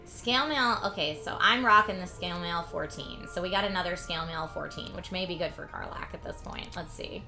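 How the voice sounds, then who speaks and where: A woman streamer talking her way through a video game live, thinking aloud with quick laughs. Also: lowish voice. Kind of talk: live gameplay commentary. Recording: game music playing behind.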